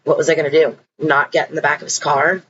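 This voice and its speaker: A woman's voice: low voice, flat delivery, fast talker, a bit bright, dull audio, a little hiss or hum. A woman telling her own story in a casual, blunt and emphatic way, swearing freely.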